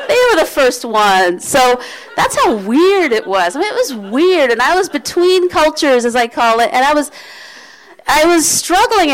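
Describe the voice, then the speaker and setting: A woman's voice: sits high, low-quality recording. A woman with an American accent giving a candid talk to an audience, conversational, with restarts and asides. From United States. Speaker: speaker.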